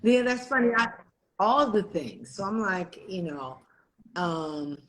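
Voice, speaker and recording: A woman's voice: mid-range voice, animated, slow, a little hiss or hum, low-quality recording. A middle-aged woman co-hosting a live stream in casual chat, laughing often and talking with many fillers and restarts. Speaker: executive director and co-host. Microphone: video call.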